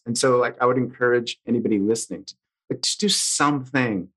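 A male podcast host with an average-pitched voice who rambles and hesitates in casual chat. He pieces his thoughts together as he goes, with plenty of fillers. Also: fairly quick, fairly bright tone, low-quality recording.

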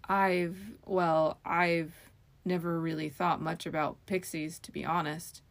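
A woman's voice: on the low side, flat delivery, takes it slowly, vocal fry. Woman voicing a proud young fae knight. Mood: flustered. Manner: stammering, forced composure.

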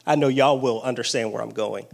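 A man preaching a sermon with excited exclamations and call-and-response energy. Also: medium pitch, fairly quick, vocal fry.

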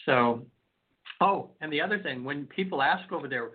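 A man's voice: fairly high pitch, expressive, normal speed, slightly rough. Guy on a narrow phone line rambling thru a story, lots of ums and restarts, hypnotherapist guest. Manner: rambling, many restarts and fillers. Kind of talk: storytelling in a call-in radio interview.

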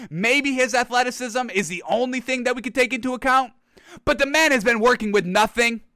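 A man's voice: very high-pitched, pushed and bright, no echo. A man hosting a sports show, ranting brashly and mockingly about football teams and players while calling his viewers "folks". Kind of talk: animated sports opinion rant.

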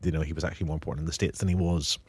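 A man's voice: rumbling low, racing, slightly rough, dry recording. A Northern Irish man hosting a casual, jokey film discussion podcast. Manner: jokey, animated, lots of fillers. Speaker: podcast host.

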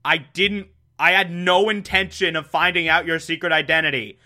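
A man's voice: on the high side, steady tone, normal speed, sharp tone. A man voicing a flustered male butler who stammers and defends himself. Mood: indignant.

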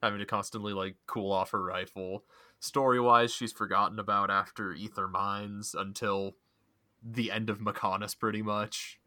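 A man's voice: fairly low pitch, flat delivery, normal speed, bright, forceful tone. A man co-hosting a casual video game podcast, giving blunt, opinionated takes. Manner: blunt, opinionated gamer talk. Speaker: podcast co-host. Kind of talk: casual spoiler chat.

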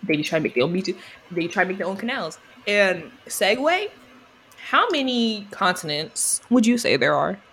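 A woman's voice: mid-range voice, big pitch swings, normal speed, a bit bright, slightly rough. A woman co-hosting a podcast in casual chat, playful and teasing, jumping between topics. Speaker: podcast co-host.

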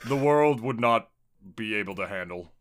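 A man co-hosting a podcast in crude casual banter, joking, swearing a lot and breaking into high laughing shouts. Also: animated, normal speed. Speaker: podcast co-host; Smash commentator.

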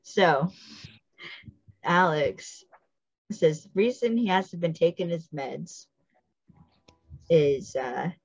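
A woman's voice: deep voice, extremely slow, long pauses, a little mellow, slightly rough, no echo, highs cut off. A woman hosting a podcast, recapping a TV episode in casual chat and stopping to explain details with asides. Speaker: podcast host.

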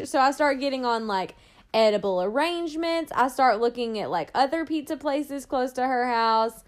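Young woman, podcast co-host, casual chat, slightly high pitch, rambling storyteller. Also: normal speed. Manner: chatty, storytelling with lots of "like".

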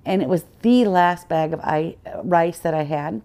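A woman's voice: on the low side, unhurried, mellow. Earnest woman sharing a faith testimony. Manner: earnest storytelling, acts out quoted dialogue. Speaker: podcast guest. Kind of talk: personal faith testimony in conversation.

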